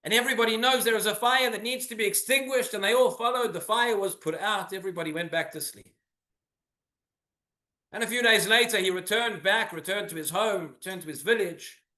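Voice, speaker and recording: Male rabbi, earnest sermon with rhetorical questions; high, bright voice; roomy synagogue echo. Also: fairly quick.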